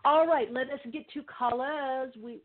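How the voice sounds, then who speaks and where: A woman hosting a call-in radio show as a mystic healer, telling stories with animated quoted voices. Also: high-pitched, unhurried. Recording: narrow phone-like sound.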